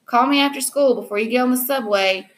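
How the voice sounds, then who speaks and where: A woman's voice: mid-range voice, animated, normal speed, close to an everyday voice. Woman reading as a worried, protective mother. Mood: decisive. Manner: anxious, apologetic.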